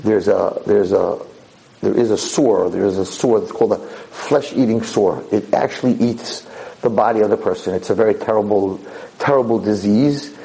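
A man's voice: on the low side, normal speed, vocal fry, dark tone, rough recording. A man voicing a scheming seductive woman who coaxes and brushes off questions. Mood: coaxing. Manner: coaxing, brushing off worries.

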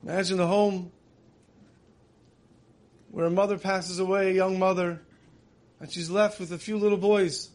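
A man's voice: high-pitched, little pitch movement, moderate pace, pauses often, a little mellow. A man giving a sermon, telling stories in an earnest way that builds emotion. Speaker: religious teacher.

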